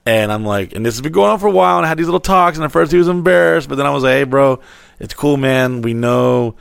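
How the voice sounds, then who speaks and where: A man's voice: medium pitch, quick pace, vocal fry, clear, resonant tone, dry recording, studio quality. A man on a podcast telling a wild story in casual, heavily profane chat and acting out the quotes. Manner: animated, swearing freely, acting out quotes.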